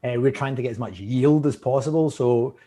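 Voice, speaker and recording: A man with a Scottish accent talks easily as an interview guest. His mid-range voice is chatty and joking, with many quick restarts of his phrases. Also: medium pitch, warm tone. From Scotland. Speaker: whisky company guest. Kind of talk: casual interview chat.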